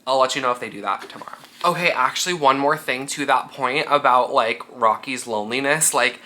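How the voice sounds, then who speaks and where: Guy rambling on his book vlog, bright sharp voice, swears a lot, all likes and ums, super emotional. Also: mid-range voice, fairly quick, slight background noise. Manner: animated and sweary, filler-heavy; emotionally gushing, near tears. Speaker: book vlogger. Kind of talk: casual reading vlog chat.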